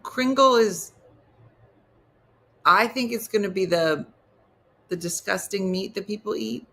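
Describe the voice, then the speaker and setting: An unhurried, creaky mid-range voice, pushed and bright, belongs to a woman hosting a comedy morning show. On her casual livestream she reads viewer comments in a New Jersey accent and teases them in playful mock disgust.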